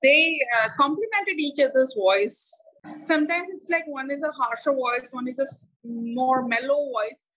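A woman's voice: high-pitched, normal speed, a bit bright, lo-fi sound. A woman co-hosting a music video reaction, speaking casually and hesitantly as she searches for words. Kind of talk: casual chat.

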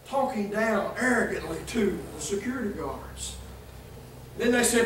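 A pastor preaching a sermon, folksy and emphatic, breaking into shouts. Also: male voice, sits high, lively intonation, measured pace. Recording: echoey church from a distance, faint hiss.

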